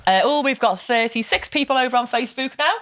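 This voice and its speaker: A woman's voice: fairly high pitch, fast talker, a bit bright, no echo, studio quality. A woman with a Liverpool accent hosting a podcast in casual chat, talkative, swearing freely and laughing often. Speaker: podcast host.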